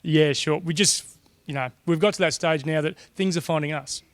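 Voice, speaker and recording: Relaxed man, slightly high. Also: dry recording. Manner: relaxed, measured, with many fillers. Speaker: collection guide. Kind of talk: casual interview answers.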